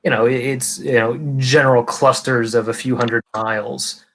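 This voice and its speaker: Flat in delivery with vocal fry, this medium-pitched man speaks at a normal speed while hosting a livestream chat, his Californian accent showing as he rambles, restarts, and swears casually.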